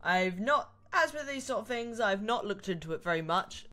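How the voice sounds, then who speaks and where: A woman's voice: mid-range voice, animated, moderate pace, pushed and bright. A British woman giving chatty, self-deprecating gameplay commentary. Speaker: let's play gamer.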